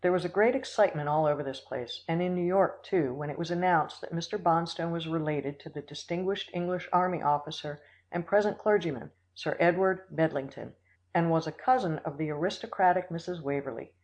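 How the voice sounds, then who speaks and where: An audiobook reader narrating a classic story in a steady, measured way. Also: mid-range voice, rough recording. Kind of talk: scripted narration.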